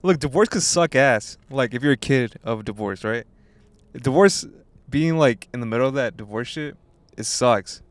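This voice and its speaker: A young man co-hosts a podcast and talks in loose, rambling chat. He restarts his sentences often and swears freely. His voice is smooth and clear, recorded dry and close with no room sound. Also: medium pitch, expressive, moderate pace, no echo. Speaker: podcast co-host. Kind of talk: casual chat.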